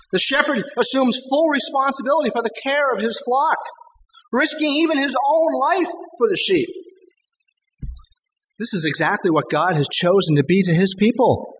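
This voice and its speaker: A man preaching a sermon, earnest and emphatic, slowing down to stress scripture quotes. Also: high voice, fairly bright tone, big-room sound, dull audio, a little hiss or hum. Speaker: pastor. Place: church sanctuary.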